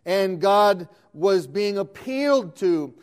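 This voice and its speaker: A high-pitched man preaching a sermon. He reads scripture verse by verse, lifting his voice on each appeal to the Lord, and often stops to restart a word. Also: animated, slow pace, smooth. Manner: earnest, calling out scripture verse by verse with emphatic "O Lord"; restarts and corrects words as he goes.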